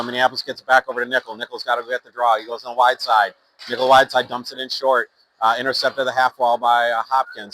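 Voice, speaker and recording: Guy calling a kids hockey game, bright tone, loose and rambly, some low noise in the back. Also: rough recording. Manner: rambling and informal, with fillers and self-corrections; reads sponsor plugs between plays. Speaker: play-by-play announcer. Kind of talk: amateur youth hockey commentary.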